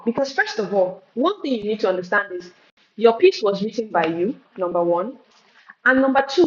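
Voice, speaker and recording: A woman leads a live poetry lesson and leans hard on key words, often restarting mid-phrase. Her voice sits in the middle of the range. The recording sounds muffled, with a steady hiss behind her. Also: medium pitch. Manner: emphatic, repeats words and restarts, drawn-out stresses. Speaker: poetry teacher. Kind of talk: live spoken-word lesson answering questions. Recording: roomy, dull and noisy.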